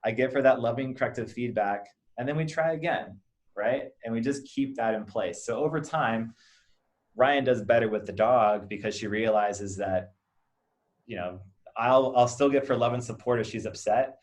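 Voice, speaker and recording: A man in his thirties, a behavior analyst who co-owns a clinic, talks casually in an interview at a moderate pace and a mid-range pitch. He explains his work by acting out everyday examples, often checking in with "right?"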